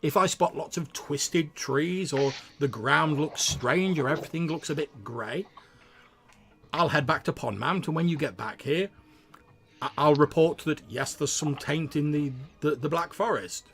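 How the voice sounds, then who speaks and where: A man's voice: on the high side, gravelly, a bit bright, soft background music. A man voicing a proud non-human woman scout who speaks bluntly and insistently. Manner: brisk, insistent, matter-of-fact.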